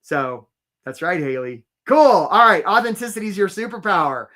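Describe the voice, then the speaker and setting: A man coaching job seekers in a live webinar, chatty and lively, telling stories and greeting viewers from the chat by name. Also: high voice, normal speed. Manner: tells stories to make his points.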